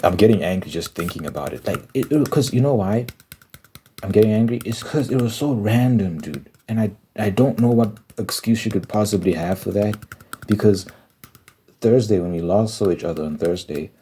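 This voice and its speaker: A man hosting an ASMR channel, telling a story in an exasperated, animated rambling way with lots of restarts. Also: lowish voice, normal speed, slight background noise.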